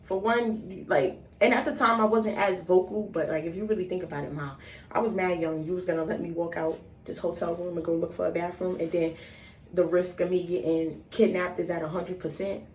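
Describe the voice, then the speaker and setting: A young woman in her twenties tells a story in a loose, animated way, swearing freely and acting out quotes. Her voice sits on the low side. She sounds a little far from the mic in a reverberant room, with faint noise behind her. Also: fairly quick. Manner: animated, profane, acts out quotes. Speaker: vlogger. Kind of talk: casual storytime. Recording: roomy, distant mic, faint background noise.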